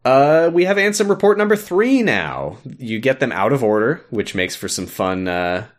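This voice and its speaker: A man co-hosting a podcast, casually recapping a video game with lots of fillers and quick laughs. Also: medium pitch, sing-song. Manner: rambling, with many fillers, laughs and acted-out quotes. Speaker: podcast co-host.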